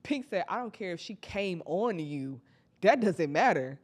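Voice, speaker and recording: A young woman telling a casual storytime, slangy and animated, acting out her friends' lines. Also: on the low side, moderate pace. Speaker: storytime vlogger.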